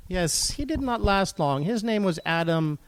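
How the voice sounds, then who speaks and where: Lively, blunt male podcast guest. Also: sits high, a little hiss or hum. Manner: blunt, ranting about complainers, halting restarts. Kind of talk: casual podcast chat.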